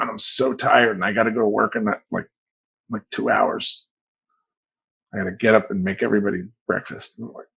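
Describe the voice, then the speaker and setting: Husky man telling a rough story. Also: fairly low pitch, fairly quick, low-quality recording. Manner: profane, rambling and animated. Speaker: life coach. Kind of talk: personal storytelling talk.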